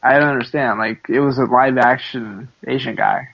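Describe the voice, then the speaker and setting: A man's voice: mid-range voice, steady tone, moderate pace, creaky, dull audio. A man co-hosting a casual podcast, joking and teasing his friend, rambling with fillers. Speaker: podcast co-host. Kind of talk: casual chat.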